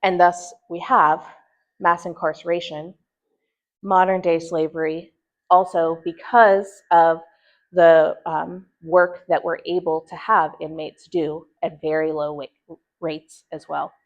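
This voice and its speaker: A woman presenting to a church group, speaking earnestly and thoughtfully, with pauses and restarts as she reflects. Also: low voice, level tone. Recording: dull lo-fi recording.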